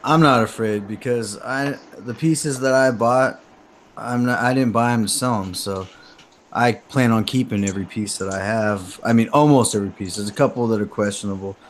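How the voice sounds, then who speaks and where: A man's voice: lowish voice, moderate pace, slight background noise. A man on a collectors' panel talking in an easygoing, reflective way. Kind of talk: casual chat.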